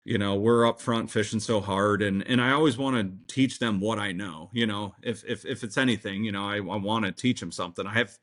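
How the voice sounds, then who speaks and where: A young man telling a long story in a casual interview, rambling and excitable, full of fillers and restarts. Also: on the low side, brisk, hardly any pauses. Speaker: tournament fishing pro, guest.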